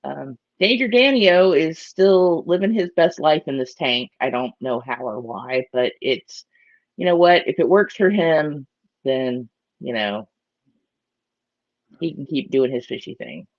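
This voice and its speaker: A woman's voice: low voice, expressive, unhurried, no echo, muffled recording. A chatty woman hosts a casual morning live stream and greets her viewers by name. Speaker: aquarium live-stream host.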